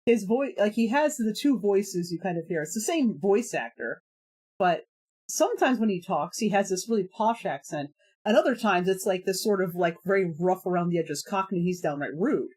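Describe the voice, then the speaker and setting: A woman's voice: mid-range voice, lively intonation, moderate pace, darkish tone, husky. A woman streamer chatting casually on a live stream, rambling with lots of fillers and laughing often.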